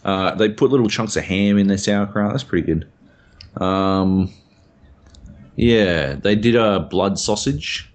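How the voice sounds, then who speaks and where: A man's voice: lowish voice, slow pace. A young Australian man, a podcast co-host, rambling through a casual chat and swearing freely.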